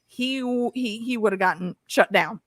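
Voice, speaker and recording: Animated woman hosting a dry-sounding recap. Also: fairly high pitch, normal speed, dry recording. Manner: animated, profane, acts out quotes. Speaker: podcast host. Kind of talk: casual show recap discussion.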